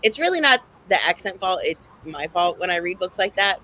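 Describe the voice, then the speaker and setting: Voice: medium pitch, big pitch swings, a little fast, bright, forceful tone, slight background noise, rough recording. A guest in a casual book chat, talking with enthusiasm and lots of fillers. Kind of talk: casual chat about books.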